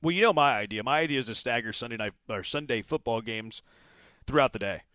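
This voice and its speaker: A man's voice: medium pitch, lively intonation, fast talker, sharp tone, dry recording. Opinionated male sports radio host. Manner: opinionated, rambling with restarts. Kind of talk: casual sports talk radio.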